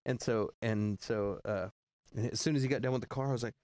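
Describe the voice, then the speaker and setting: A man in his forties telling rambling road stories in casual chat, acting out other people's lines in high voices. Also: quick pace, dry recording, clean studio sound. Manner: rambling, animated, acts out quoted voices high.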